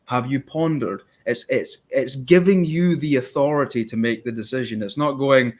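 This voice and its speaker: A man hosting a casual podcast conversation, mid-pitched and fired up. He rambles, circles back on his points and slips into quick voices for people he quotes. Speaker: podcast host. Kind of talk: casual interview chat.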